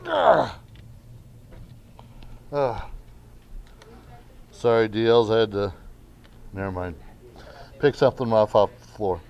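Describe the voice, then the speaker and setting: A man's voice: fairly low pitch, fairly even intonation, a little mellow, clean tone, lo-fi sound. A male teacher giving a class lesson in a casual way, often checking in with "okay". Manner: slow, casual, keeps saying okay. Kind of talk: classroom instruction.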